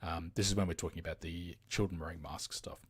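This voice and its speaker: A man's voice: low voice, steady tone, fast, fairly bright tone, husky. An Australian man hosting a live stream, ranting heatedly in casual commentary with frequent fillers and some swearing.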